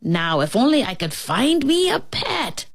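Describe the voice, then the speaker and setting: A woman voicing a gruff, blustery male pirate captain in a storybook reading, with drawling pirate talk. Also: fairly high pitch, big pitch swings, unhurried, pitched above the performer's own voice, heavily acted.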